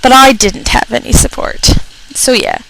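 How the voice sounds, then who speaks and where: A young woman on a talk segment, venting in an exasperated, foul-mouthed comic rant. Her voice sits fairly high, and she slips into the voices of the customers and coworkers she complains about. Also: wildly swooping pitch, moderate pace, vocal fry, a bit bright, poor audio. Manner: exasperated, profane, acts out customers. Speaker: radio show personality. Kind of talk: comedic rant.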